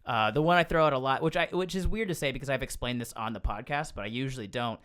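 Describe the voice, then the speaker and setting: A man's voice: medium pitch, fairly bright tone, smooth. Rambling man co-hosting a podcast. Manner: loose, rambling, quick to joke. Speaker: podcast co-host, comedian. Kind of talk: casual podcast chat.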